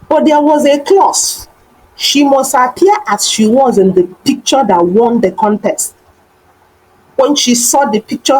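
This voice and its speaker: A woman narrating an animated folktale in an expressive, dramatic way. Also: on the high side, breathy edge, rough recording. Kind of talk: storybook narration.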